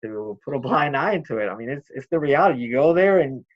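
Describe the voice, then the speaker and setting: A man speaking as a guest in a casual discussion, halting and searching for his words. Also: medium pitch, animated, highs cut off.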